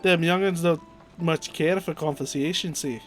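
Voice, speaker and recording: Old peddler, man doing a shaky Scottish accent, folksy, high-ish voice. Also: normal speed, a bit bright, soft background music, lightly acted. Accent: put-on Scottish, wavering. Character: chatty old male traveling peddler. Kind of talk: reading game dialogue aloud.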